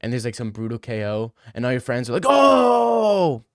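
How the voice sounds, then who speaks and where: A man's voice: mid-range voice, flat delivery, fast talker, a little mellow, clean tone, dry recording, studio quality. A young man livestreaming, answering chat in casual, crude, teasing banter. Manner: joking, teasing, profane.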